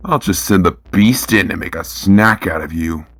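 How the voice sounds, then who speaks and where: A man voicing a sinister male villain with a smooth, scheming manner. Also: low voice, normal speed, heavy background noise, voice pushed down.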